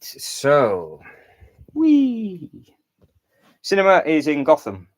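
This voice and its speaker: A medium-pitched man, recorded roughly, hosts a laid-back livestream. As he reorganizes a build, he thinks aloud in a meandering way, with restarts and filler words.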